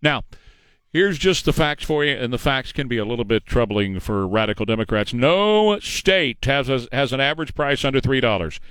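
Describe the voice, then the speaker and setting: A man's voice: mid-range voice, animated, fairly bright tone, smooth, no echo. Middle-aged guy ranting on his talk show, sarcastic and punchy, dry close mic. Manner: combative, sarcastic, fast-talking. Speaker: radio talk show host. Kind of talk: political commentary monologue.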